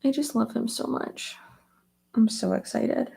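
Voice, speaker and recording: A woman's voice: on the high side, measured pace, vocal fry, mellow, slightly rough, in a whisper. A young woman chatting casually while getting ready, rambling with lots of fillers. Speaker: beauty vlogger. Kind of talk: casual get-ready-with-me chat.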